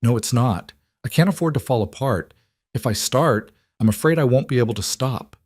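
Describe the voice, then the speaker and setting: A man's voice: medium pitch, normal speed, darkish tone, slightly rough, dry recording, pitched above the performer's own voice, natural voice. Overwhelmed, self-critical woman executive, read by a male narrator; apologetic, dry audiobook sound. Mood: tearful.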